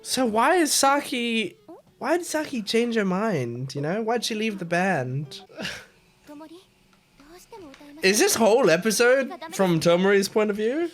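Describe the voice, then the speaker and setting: A woman's voice: mid-range voice, animated, measured pace. A woman hosting an anime reaction video, talking casually and emotionally, with exclamations and swearing. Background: faint anime music.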